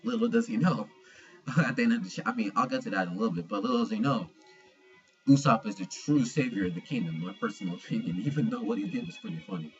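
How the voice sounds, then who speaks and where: A man's voice: lowish voice, quick pace, highs cut off, soft background music. Slangy young man reviewing manga. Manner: slangy and profane, animated retelling. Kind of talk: casual video review.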